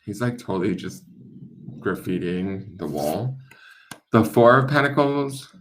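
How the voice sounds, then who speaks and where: A man's voice: fairly low pitch, lively intonation, measured pace, slight background noise. A man hosting a casual tarot deck unboxing stream, playful and joking as he goes. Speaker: tarot reader and channel host.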